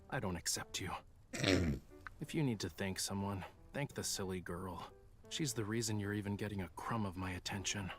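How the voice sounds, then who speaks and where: An actor playing a vain, aloof young male artist in a story game, speaking in a sardonic, haughty way. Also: on the low side. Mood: melodramatic disgust. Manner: sardonic and haughty, melodramatic when upset. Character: vain, aloof young man, an artist who hates cats.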